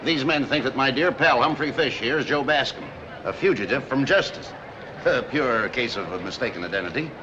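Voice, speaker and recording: An actor playing a smooth, persuasive male con man, in 1940s film style. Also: medium pitch, lively intonation, fairly quick, lightly acted. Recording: noisy lo-fi old film soundtrack.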